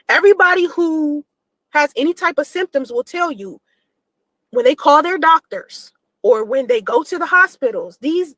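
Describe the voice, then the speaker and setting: A woman talks straight to her viewers in a relaxed vlog, her voice sitting high. She tells a personal story with lots of energy and acts out the back-and-forth she describes. The sound is close and dry, with no room around it. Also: no echo, rough recording. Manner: animated, acts out quoted exchanges in her telling. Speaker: mother telling her own story to camera.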